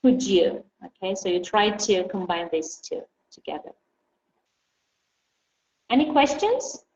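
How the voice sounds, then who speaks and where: A woman whose first language is Armenian, teaching an online English class and patiently repeating model phrases slowly. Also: medium pitch, big pitch swings, a little mellow. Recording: roomy, dull lo-fi audio with faint hiss.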